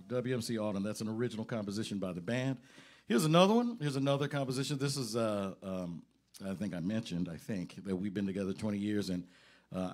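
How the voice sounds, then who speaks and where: A man's voice: on the low side, a little mellow. Male jazz bandleader, loose stage talk at the microphone, joking, lots of ums. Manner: rambling, joking, with many fillers. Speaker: bandleader and pianist introducing songs. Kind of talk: casual stage banter between songs.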